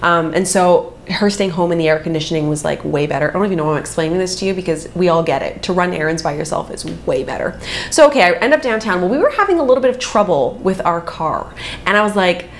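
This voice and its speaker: A woman in her thirties chatting casually to camera as she tells a personal story, animated and expressive, jumping high in pitch when she acts out quotes. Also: quick pace, slight background noise. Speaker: vlogger.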